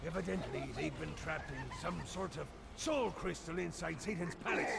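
Gravelly, boastful video game pirate captain, pitched high. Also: male voice, moderate pace. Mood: scheming. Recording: game audio with noisy backdrop.

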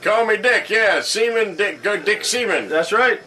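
Two old male news correspondents trade loose, jokey banter, as one man voices both. The voice sits high for a man and sounds bright and forceful. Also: lively intonation, normal speed, slight background noise. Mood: joking. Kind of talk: comedy sketch chat.

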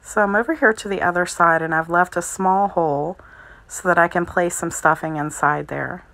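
A woman with a slightly low voice walks through a crochet project one step at a time. She talks calmly and methodically, describing each stitch as she makes it. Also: normal speed, gravelly, rough recording. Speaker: crochet instructor. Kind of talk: step-by-step craft tutorial.

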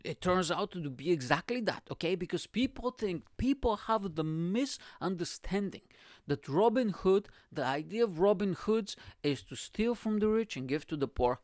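A man from Bulgaria with a Bulgarian accent, hosting a podcast and telling a story as a comic monologue with animated, exaggerated asides. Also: sits high, no echo, studio quality. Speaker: podcast host. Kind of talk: comedic monologue.

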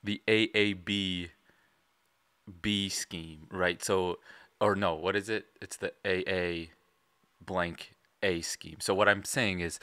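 A man's voice: deep voice, fairly even intonation, unhurried, pushed and bright, dry recording. A man from Illinois giving casual reaction commentary, analytically breaking down rhyme schemes. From Illinois, USA. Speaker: reaction video host.

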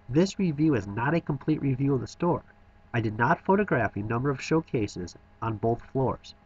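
A man narrates a toy shop review in a middle-pitched voice, enthusiastic and touched with dry humor. The recording sounds slightly dull and lo-fi. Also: husky. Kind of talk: scripted voice-over narration.

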